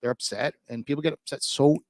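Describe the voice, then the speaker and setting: A man's voice: mid-range voice, quick pace, a little mellow, no echo. A man hosting a podcast interview, asking long rambling questions full of "like" and "you know" in a casual chat. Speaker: podcast host.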